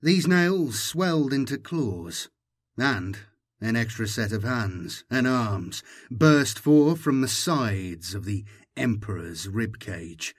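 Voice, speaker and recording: Man, audiobook narrator, measured dramatic reading, mid-pitched voice. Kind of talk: scripted narration.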